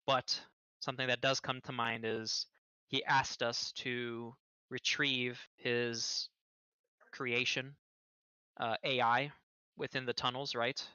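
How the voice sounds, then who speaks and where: A man's voice: mid-range voice, little pitch movement, takes it slowly, pauses often, bright, forceful tone, smooth, no echo. A man voicing a blunt, practical male adventurer, matter-of-fact, on a dull, dry mic.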